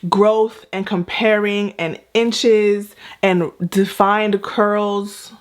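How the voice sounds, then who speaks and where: A young woman talks through a casual reaction vlog in a chatty, playful way. She leans on emphatic repeats and quick asides, her voice sitting at an ordinary middle pitch. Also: flat delivery. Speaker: natural hair vlogger.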